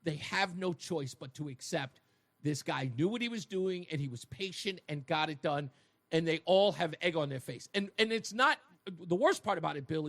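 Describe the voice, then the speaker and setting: A man hosting a talk radio show from a studio, bantering in an animated, joking way. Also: fairly high pitch.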